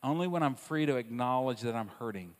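Man, preacher, sermon, dynamic delivery, soft asides then loud repeated lines, voice ringing in a big church. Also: mid-range voice, lively intonation, fairly quick. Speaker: pastor. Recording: long reverb of a large hall.

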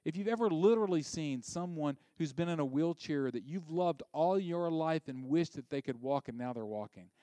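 A male pastor preaching a sermon. He is animated and sometimes drops to a hushed near-whisper for emphasis. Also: a little high, normal speed, hardly any pauses, no room sound.

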